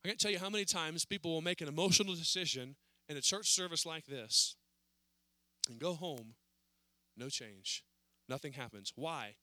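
A man preaching a sermon in a church service, earnest, rising to pleading and then dropping low. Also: normal speed, pushed and bright, dry recording.

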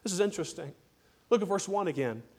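A man's voice: high-pitched, lively intonation, fast talker, darkish tone. A man preaching a sermon to a church congregation, emphatic and repetitive, prodding listeners to answer. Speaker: pastor. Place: church service.

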